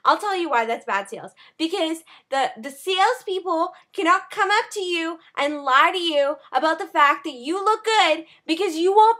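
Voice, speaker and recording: Young woman vlogger, high bright voice, chatty and animated, running on little sleep. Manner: animated, talks fast with many "like" and "okay" fillers. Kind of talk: casual vlog rant.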